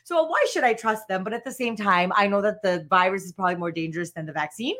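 A woman who works as a stand-up comedian, chatting casually on a podcast, animated and laughing often as she tells rambling stories. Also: mid-range voice, fast.

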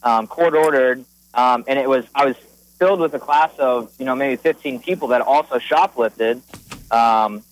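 A man's voice: mid-range voice, moderate pace, no room sound, low-quality recording. A man calling in to a radio show, telling a story in a rambling, hesitant way with many fillers. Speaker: caller. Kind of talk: phone-in storytelling.

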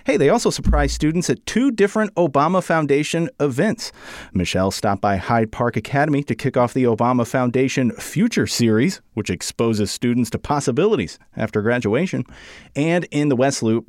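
A man's voice: mid-range voice, expressive, brisk, no echo, studio quality. A man co-hosting a casual chat, steadily reading news items and prompting his co-host. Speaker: podcast co-host.

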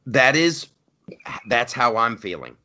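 A man's voice: medium pitch, sing-song, slow pace, pushed and bright. A man hosting a podcast, talking politics in a rambling, emphatic, joking way. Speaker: podcast host. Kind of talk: casual political chat.

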